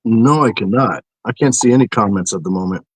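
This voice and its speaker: A man's voice: lowish voice, a little fast, breathy edge, rough recording. A man guesting on a casual live chat, easygoing, laughing often and swearing casually. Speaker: guest, publisher and artist.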